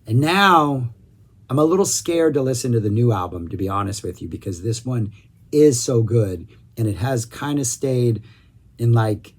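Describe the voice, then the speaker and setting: A man hosting a music review vlog, talking in a casual, enthusiastic and rambling way, often correcting himself mid-sentence. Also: medium pitch.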